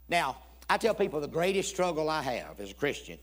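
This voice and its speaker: A man's voice: on the high side, sing-song, brisk, hardly any pauses, fairly bright tone. A man preaching a storytelling sermon in a church, folksy and humorous, acting out both sides of a conversation. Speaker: guest preacher. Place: church sanctuary.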